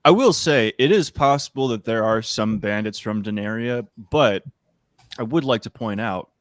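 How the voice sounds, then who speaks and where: A man's voice: fairly low pitch, expressive, normal speed, no echo, clean studio sound. A man playing a tabletop game who speaks diplomatically and hedges a lot. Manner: diplomatic, hedging. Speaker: player. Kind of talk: casual tabletop play.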